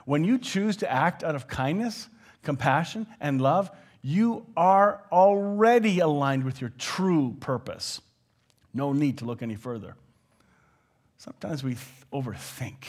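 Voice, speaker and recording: A man's voice: a little high, measured pace. A man preaching a sermon in a conversational way, acting out quoted everyday phrases as he goes. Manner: conversational, with animated quoted asides. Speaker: pastor.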